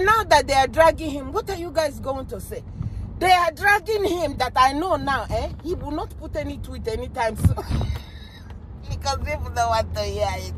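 High-voiced Nigerian woman vlogging while driving. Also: a bit bright, a little hiss or hum. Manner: chatty and exclaiming, drops into pidgin. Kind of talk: casual commentary. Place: inside a car while driving.

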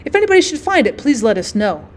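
A woman reading aloud the lines of an anxious, hesitant middle-aged gentleman who turns cold and curt. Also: a little high, very animated, fast talker. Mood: strained.

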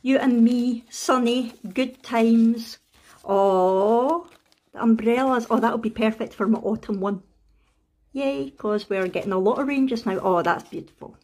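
A Scottish woman in a casual craft unboxing vlog, excitable and gushing, with frequent gasps and delighted exclamations. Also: on the high side, unhurried. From Scotland. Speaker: craft vlogger.

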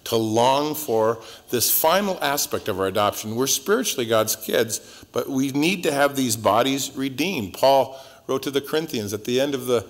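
A male pastor teaching through a Bible passage verse by verse in a relaxed, joking, conversational way, his voice swinging up and down. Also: moderate pace, hardly any pauses. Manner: conversational and joking, with wide swings in pitch and loudness.

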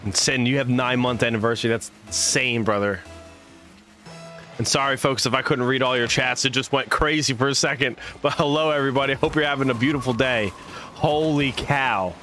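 Young male stream caster, playful and silly, bright tense tone, live commentary. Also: medium pitch, a little fast, faint music behind. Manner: playful, silly made-up words, chats with viewers.

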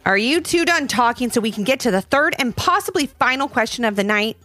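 A woman's voice: a little high, expressive, a little fast, pushed and bright, voice pushed up. A woman voicing a smug, snappy, lonely ruler of a math world in a children's storybook reading, over faint music. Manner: smug, snappy, then sulky.

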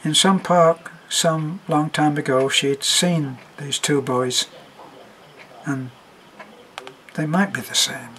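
Slow, measured male story narrator. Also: on the high side, fairly even intonation, fairly bright tone, a little hiss or hum, rough recording. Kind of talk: audiobook story reading.

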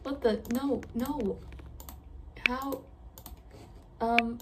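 A woman chatting casually while playing a game, self-deprecating and quick to giggle at her own mistakes. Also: on the high side, steady tone, far from the mic, background noise. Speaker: gamer reacting to a game. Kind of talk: casual gameplay commentary.

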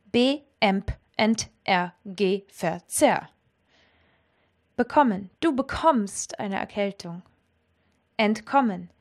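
A woman teaching a language lesson, explaining clearly and with lively energy. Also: medium pitch.

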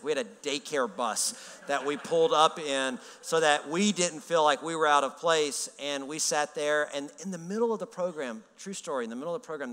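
A man's voice: mid-range voice, bright, forceful tone. Man, pastor, storytelling sermon, casual and joking, resonant voice, long hall reverb. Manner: casual and humorous, acts out quoted dialogue. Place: large church hall.

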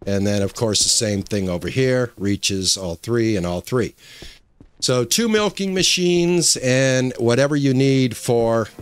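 A man's voice: medium pitch, measured pace, smooth, no room sound. A man hosting his own channel, talking casually over his gameplay, rambling with many fillers and restarts. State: emotional, choked up. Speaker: gaming channel host.

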